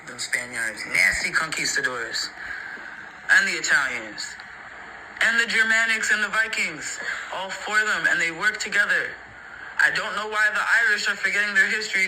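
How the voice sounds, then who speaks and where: A man's voice: high-pitched, bright, forceful tone, a little hiss or hum, poor audio. A man in an opinionated, heated rant to the camera, emphatic and profane, repeating his points and mocking others. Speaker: social media creator.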